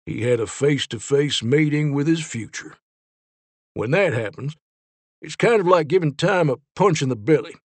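A man's voice: on the high side, lively intonation, normal speed, no echo. A man voicing Zeke, an earnest male Time Ranger explaining and defending a case, in a storybook reading. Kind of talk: storybook character voice.

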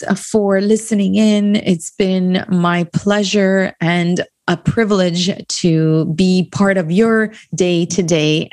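A woman hosting a podcast who speaks in an emotional, halting way with many fillers, dedicating her show. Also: fairly low pitch, darkish tone, dry recording, studio quality. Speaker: podcast host.

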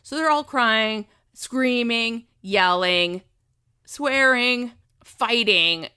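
A woman in her thirties telling a family story in casual chat, animated and swearing freely as she acts out quotes. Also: on the high side, drawn-out words, clean tone.

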